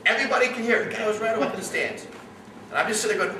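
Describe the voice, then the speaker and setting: A middle-aged man speaks to parents as their coach, telling animated stories and putting questions to the room. His voice sits slightly high. It is picked up from afar, with room echo and steady background noise. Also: racing. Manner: animated storytelling, addresses the audience directly. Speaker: youth sports coach. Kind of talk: seminar talk to parents. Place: room with an audience. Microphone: distant room mic. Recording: echoey room, distant mic, background noise.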